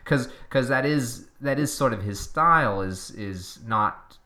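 A man co-hosting a casual cycling podcast, talking in halting bursts with frequent restarts and laughs. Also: medium pitch, lively intonation, bright, forceful tone. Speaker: podcast co-host.

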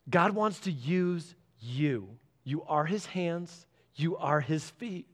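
A man in his thirties preaching a sermon, animated and acting out little voices as he speaks. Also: slow, few pauses. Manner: animated, acts out voices with big pitch jumps. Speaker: pastor.

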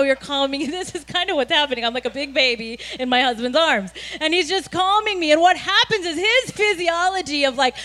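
Female pastor, high voice, casual conversational sermon delivery with animated stretches. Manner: conversational storytelling, animated when recounting; frequent fillers like "you know" and "like".

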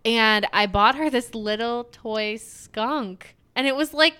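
A woman co-hosting a podcast, telling a home story in a casual, animated way and swearing now and then. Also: fairly high pitch, slow pace, clean tone. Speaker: podcast co-host. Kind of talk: casual chat.

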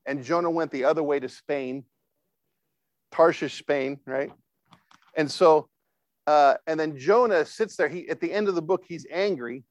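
In a conversational sermon, a man keeps asking his audience for responses, speaking informally with many fillers and restarts. His fairly high-pitched voice moves at a moderate pace, with no echo in the recording.

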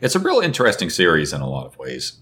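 A man's voice: low-pitched, huge pitch swings, fast, a bit bright, slight background noise. A man co-hosting a podcast in casual chat, asking probing questions with a wry, sardonic edge. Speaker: podcast co-host.

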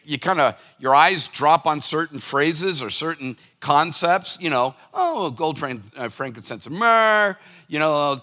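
Speaking with a fairly high, bright, forceful voice, a middle-aged pastor delivers a sermon to his congregation. His delivery is loose and conversational, full of restarts and direct asides.

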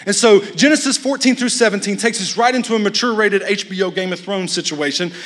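High-voiced man preaching in a hall. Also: brisk, fairly bright tone. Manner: casual, blunt, joking asides. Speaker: guest preacher. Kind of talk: sermon. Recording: long hall reverb.

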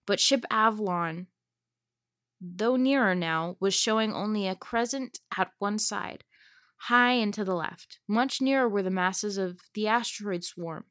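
A young woman reading a science fiction novel aloud to friends, expressive and chatty, laughing between passages. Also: medium pitch, dry recording, clean studio sound. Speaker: reader.

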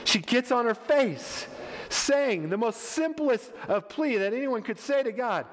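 A man's voice: very high-pitched, normal speed. A man preaching a sermon in a church hall, emphatic and passionate, with frequent stammering restarts. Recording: long church hall reverb.

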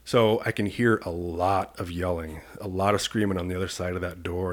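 A man from Iowa, a police commander and podcast guest, telling an animated personal story and acting out the people in it. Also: low voice, brisk, hardly any pauses. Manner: lively storyteller who acts out the people in his story.

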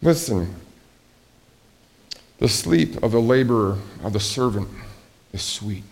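A man's voice: on the low side, lively intonation, takes it slowly, gravelly, a little mellow. Conversational male pastor preaching. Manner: conversational, asks the congregation questions, acts out quoted voices. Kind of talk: sermon.

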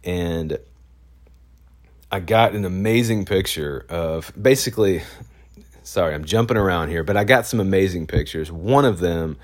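A man with a very low voice tells a story as a photojournalist, casual and meandering. He stops and restarts often and leans on fillers. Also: normal speed. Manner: rambling, with many fillers and restarts.

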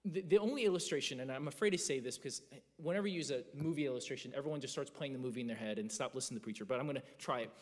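A man in his thirties preaching a sermon as a pastor, earnest and animated, often restarting his phrases. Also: mid-range voice, very fast. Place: church sanctuary. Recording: long reverb of a church hall.

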